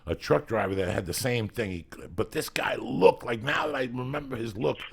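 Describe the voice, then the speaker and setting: Gravelly, husky middle-aged man. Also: medium pitch, a little fast. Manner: profane, animated storyteller. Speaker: podcast host. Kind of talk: casual storytelling chat.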